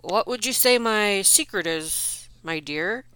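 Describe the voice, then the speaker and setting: A woman's voice: mid-range voice, expressive, takes it slowly, bright, forceful tone, clear, resonant tone, dry recording. Woman doing a flustered little farmer dad. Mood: nervous. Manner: flustered, stammering questions. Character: anxious little middle-aged farmer father.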